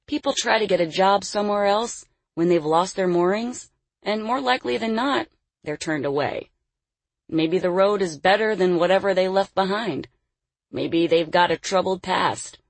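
A woman reads the part of a slick, menacing male circus boss in a storybook reading, speaking low and husky. He talks smoothly and persuasively, with an edge of threat. The recording is close and dry. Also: animated, normal speed, dry recording. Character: scheming middle-aged male circus sideshow boss. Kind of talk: audiobook character voice.

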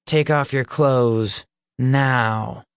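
A man's voice: medium pitch, extremely slow, clean tone, dry recording, studio quality. A man voicing a cruel, cocky young male leader of a forest gang in an audiobook, taunting and commanding. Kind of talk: audiobook character voice.

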